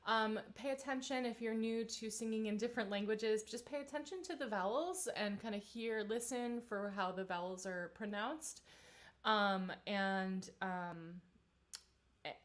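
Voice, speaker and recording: A woman in her thirties, a vocal coach leading a live-streamed singing warm-up, chatty and encouraging, with many fillers. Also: mid-range voice, measured pace.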